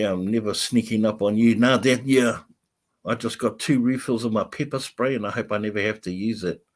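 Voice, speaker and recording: A man hosting a livestream, reading out viewer comments and rambling in a chatty way with frequent laughter. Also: lowish voice. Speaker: vlogger host.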